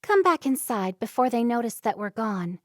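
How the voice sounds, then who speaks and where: A woman voicing a caring young woman in an audiobook story, speaking in a gentle, reassuring way. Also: fairly high pitch, very animated, normal speed, no echo, clean studio sound.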